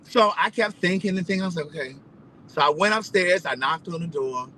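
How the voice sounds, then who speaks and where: A man telling a story in a casual, animated, profane way, repeating phrases for emphasis. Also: a little high, fairly quick, slight background noise, low-quality recording. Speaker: vlogger.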